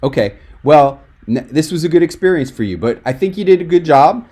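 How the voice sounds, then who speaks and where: A man's voice: on the high side, animated, fairly quick, mellow. A man coaching a speaker on a video call, talking in a direct, emphatic and encouraging way. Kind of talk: webinar coaching feedback.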